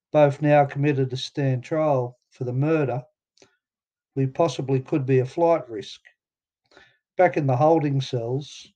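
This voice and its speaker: A man's voice: mid-range voice, mellow, dull audio. A man with an Australian accent narrating his own story in a plainspoken, casual way with some swearing. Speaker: memoir narrator. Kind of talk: audiobook narration.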